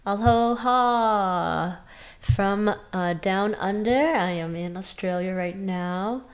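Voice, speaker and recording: Woman on a livestream, kinda sick w/ a drippy nose, unhurried, reading off viewer names. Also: medium pitch. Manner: chatty, reads out viewer names one by one. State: slightly sick with a runny nose. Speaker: music teacher hosting a live lesson. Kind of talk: casual livestream greetings. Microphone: webcam mic, leaning in and backing away.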